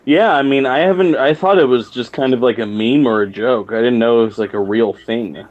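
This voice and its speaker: A man's voice: mid-range voice, brisk, a little mellow, no room sound, muffled recording. A man co-hosting a casual podcast chat, talkative and casually profane, who explains things at length. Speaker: podcast co-host.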